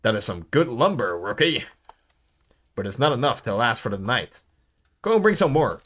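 A man doing a gruff old forest watchman. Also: mid-range voice, very animated, normal speed, a bit bright, pitched below the performer's own voice.

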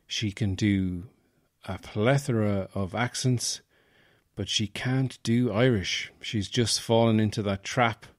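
A man's voice: lowish voice, steady tone, takes it slowly, no echo, studio quality. A man hosting a podcast in rambling, jokey casual chat. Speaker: podcast host.

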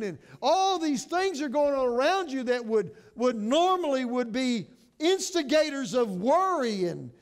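A middle-aged man pastor preaching a sermon with passion, moving between hushed and emphatic and often restarting words. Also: very high-pitched.

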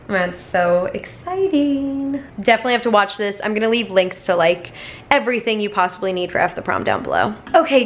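A woman's voice: medium pitch, a little hiss or hum. A young woman in her twenties chatting casually to camera in a daily vlog, upbeat and talkative. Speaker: vlogger.

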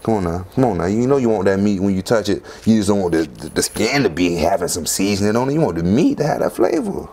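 A man hosting a home cooking video, talking casually and lively as he walks through each step. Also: fast talker, few pauses. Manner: chatty, lively, punctuates steps with "boom".

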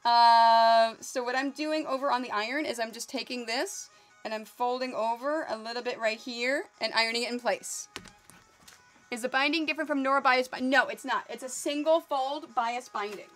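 A young adult woman hosting a casual live quilting tutorial, chatty and quick, thinking aloud as she works. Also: on the high side, soft background music. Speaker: quilting livestream host.

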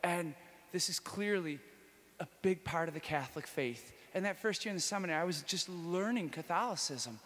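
A male priest giving a conference talk as a personal testimony, storytelling in a lively way that swings between loud enthusiasm and hushed intimacy. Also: a little high. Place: conference hall. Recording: long hall reverb.

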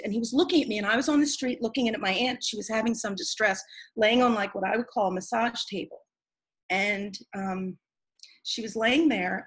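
A woman's voice: on the high side, a bit bright, husky, poor audio. A woman who is a guest in a conversation, telling a personal story in an earnest, rambling way with many restarts.

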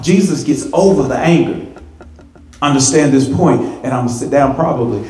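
A pastor preaching a sermon in a church, animated, repeating words and building to emphatic, rising peaks. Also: male voice, fairly high pitch. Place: church sanctuary. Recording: echoey church sanctuary.

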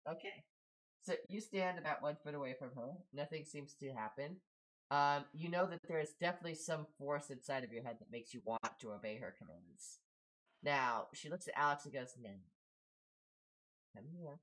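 A woman running a streamed tabletop game as game master. She talks in a relaxed, chatty way and often laughs with her players. Her voice sits very deep for a woman. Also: fairly quick, poor audio.

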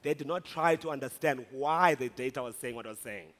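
A man from South Africa giving a humorous, animated conference talk. He tells a story and rises into shouts at the punch lines. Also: mid-range voice, a little fast. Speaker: speaker at a conference. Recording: long hall reverb.

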